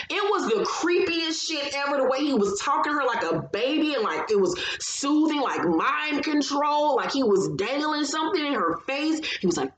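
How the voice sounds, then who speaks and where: A woman recapping a reality TV episode in casual chat, telling it with animated, profane storytelling and acting out what people said. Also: sits high, moderate pace, hardly any pauses. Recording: roomy echo, faint background noise.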